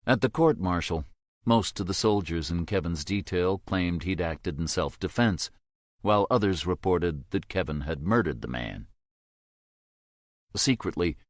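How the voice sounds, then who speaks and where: A man reading a thriller audiobook in a measured, grave storytelling manner. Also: deep voice, dry recording, clean studio sound. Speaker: audiobook narrator. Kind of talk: scripted narration.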